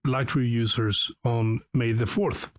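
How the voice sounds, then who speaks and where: A man's voice: medium pitch, steady tone, slow, no echo, studio quality. A man co-hosting a podcast and interviewing a guest in casual chat, hesitant with many filler sounds.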